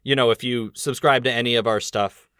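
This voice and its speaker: A man's voice: mid-range voice, fairly even intonation, sharp tone, clean tone, no room sound, clean studio sound. A man hosting a podcast in casual chat, rambling and laughing easily between points. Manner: chatty, rambling, quick laughs. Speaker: podcast host.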